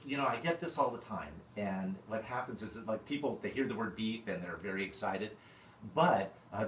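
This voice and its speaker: A man's voice: low voice, reverberant, distant mic, slight background noise, low-quality recording. A man from California, a chef, talking through a radio ad off the cuff with many fillers and restarts. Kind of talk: unscripted ad read.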